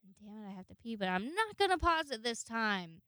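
A woman's voice: fairly high pitch, sing-song, brisk, a bit bright, no echo. A young woman casually telling stories to her viewers, chatty and profane, laughing often. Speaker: vlogger. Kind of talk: casual storytelling to camera.

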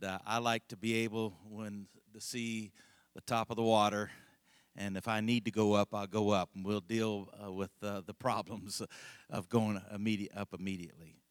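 A man's voice: fairly low pitch, smooth, no room sound. A middle-aged male pastor telling a rambling, folksy story in a conversational sermon, laughing often.

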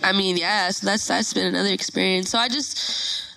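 A young woman from Los Angeles, a musician telling a story in a casual interview, animated and profane, loudly acting out what people said. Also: medium pitch, moderate pace, vocal fry, low-quality recording. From Northeast Los Angeles. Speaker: musician guest.

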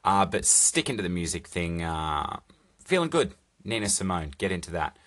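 Young male podcaster, very low voice, profane rambling solo chat. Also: very animated, moderate pace, fairly bright tone. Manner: rambling, profane, jokey asides. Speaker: podcast host. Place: recording alone on a phone. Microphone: phone.

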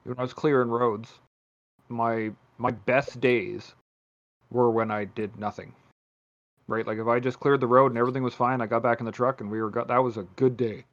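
Male host, casual and profane, tells stories with lots of restarts; average-pitched voice, dull recording. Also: normal speed. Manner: profane, rambling, animated storytelling. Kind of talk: casual chat.

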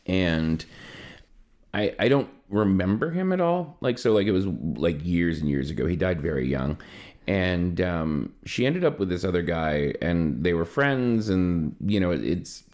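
A man with a fairly low voice talks through a personal story in a loose, conversational way. He leans on fillers and restarts, and his voice jumps up and down as he gets animated. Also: a little slow. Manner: rambling, many fillers, animated pitch swings. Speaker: podcast co-host.

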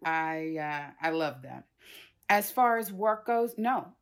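A woman in her fifties telling personal stories in a conversation, emotional and animated, acting out her relatives' voices. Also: deep voice, slow pace. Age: 50s. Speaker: guest.

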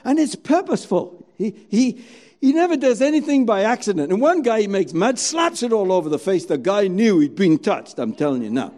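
A male preacher delivers a storytelling sermon, his pitch rising and falling in big, animated swings. His tone is warm and mellow, sitting a bit high, and he acts out scenes dramatically. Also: brisk, few pauses.

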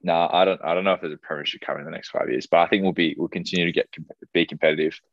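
A young man with an Australian accent co-hosting a casual podcast, chatty and relaxed. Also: low voice, very fast, dry recording. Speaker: podcast co-host. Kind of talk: casual chat. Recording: dry, dull lo-fi sound.

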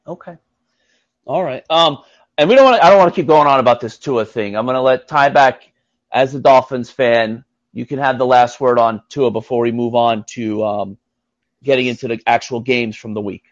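A man's voice: medium pitch, moderate pace, no room sound. A man hosting a casual sports podcast, keeping the talk on track and laughing along. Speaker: podcast host. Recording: dull lo-fi sound.

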